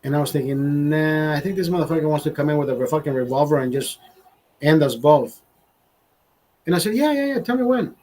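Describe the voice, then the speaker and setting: A young man hosting a livestream, telling a rambling, profane story in a casual, animated way. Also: fairly high pitch, brisk, pauses often. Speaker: livestream host.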